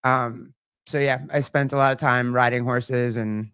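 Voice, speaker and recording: A man in his thirties, a guest on a casual podcast, laid-back and quick to laugh. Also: mid-range voice, fairly even intonation, fairly bright tone, clean tone, no echo, clean studio sound. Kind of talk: casual chat.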